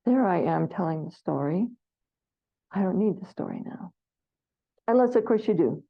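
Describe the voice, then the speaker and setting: A woman leading a meditation class, speaking gently and reflectively and acting out the inner voices of her students. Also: lowish voice, animated, moderate pace, creaky. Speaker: meditation teacher. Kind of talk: dharma class talk. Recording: dull lo-fi recording.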